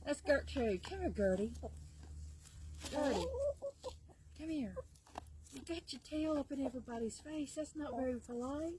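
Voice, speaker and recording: A woman's voice: high voice, normal speed, pauses often, darkish tone, low-quality recording. A woman filming her backyard chickens on a phone, coaxing and chuckling as she talks to her hens. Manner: doting, coaxing talk to her animals, chuckling often. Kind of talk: casual home video chat. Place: outdoors in a backyard chicken yard. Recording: outdoor recording with clear background noise.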